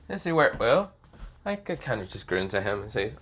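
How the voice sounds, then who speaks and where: A man's voice: fairly low pitch, very animated, moderate pace, fairly bright tone, slight background noise. Man, fan story narration, rambling, hesitant, fillers, casual.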